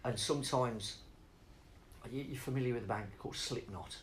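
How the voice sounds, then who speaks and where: A middle-aged man answering interview questions in a loose, rambling way, wandering off topic and swearing as he goes. His voice sits at an ordinary middle pitch. A faint background noise runs under the recording. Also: a little fast, fairly bright tone, low-quality recording. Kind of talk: casual interview chat.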